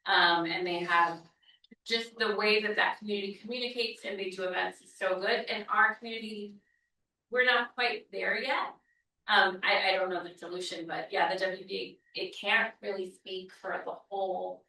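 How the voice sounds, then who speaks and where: A woman speaks thoughtfully at a community meeting, hedging and pausing on fillers. Her voice is bright, with a gravelly fry. She sounds distant in an echoey room. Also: mid-range voice. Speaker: community member.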